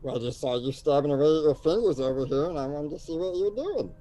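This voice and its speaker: A cocky little goblin, as a man puts him on, talking in quick, excited, pushy bursts. The voice sits fairly high and has a soft, mellow tone. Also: close to an everyday voice. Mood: eager. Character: eager scheming male goblin gambler. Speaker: player.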